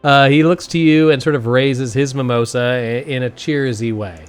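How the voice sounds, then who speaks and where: A man's voice: medium pitch, normal speed, clean tone, faint music behind. A man running a tabletop game as game master, narrating and laughing often.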